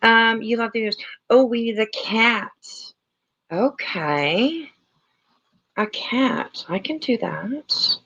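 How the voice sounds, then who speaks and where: Chatty middle-aged woman streamer, gravelly. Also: a little high, takes it slowly, a bit bright, lo-fi sound. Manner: chatty, rambling, laughs often, many fillers. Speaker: livestream host. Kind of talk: casual livestream chat with viewers.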